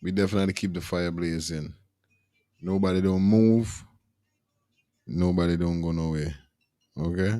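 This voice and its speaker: Laid-back slangy host, low voice. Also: male voice, steady tone, moderate pace, long pauses, mellow, no room sound, clean studio sound. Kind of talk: casual podcast chat.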